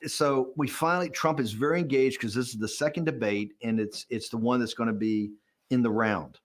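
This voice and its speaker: A man in his sixties, interviewed for a documentary, speaks fairly quickly at medium pitch. He tells a story candidly and with animation, acting out the quoted dialogue.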